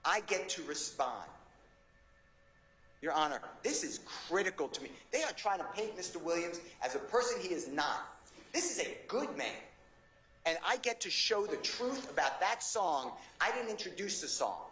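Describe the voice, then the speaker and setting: A man's voice: high voice, very animated, moderate pace, a bit bright. Impassioned male attorney in echoey courtroom. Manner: impassioned, insistent, pleading. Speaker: defense attorney. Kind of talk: courtroom argument to the judge. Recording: echoey courtroom with faint ambience.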